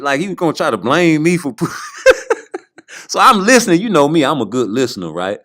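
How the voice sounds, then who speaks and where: A man's voice: on the high side, fairly quick. A man hosting a casual chat, cutting in to tell his own side of a story. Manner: interjecting, animated storyteller. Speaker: host.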